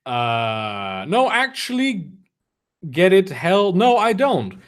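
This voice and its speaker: A man's voice: sits high, big pitch swings, slow pace. A man reading a fan story aloud for comedy, breaking off for mocking, sarcastic asides. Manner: sarcastic, mocking commentary between read lines. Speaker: reader of fan fiction.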